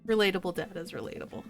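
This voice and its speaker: A woman streaming a game, chatting playfully, giggling often and reading the story aloud. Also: mid-range voice. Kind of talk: let's play commentary and reading.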